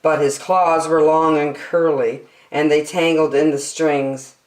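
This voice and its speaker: A woman reading a rhyming children's picture book aloud in a slow, expressive, sing-song way, recorded in an echoey room. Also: deep voice, far from the mic. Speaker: children's story reader.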